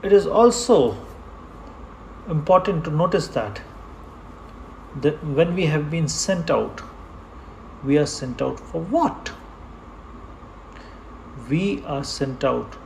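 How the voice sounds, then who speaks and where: A man preaching a sermon in church, slow and emphatic, repeating key words for stress. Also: a little high, gravelly, a little hiss or hum. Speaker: pastor.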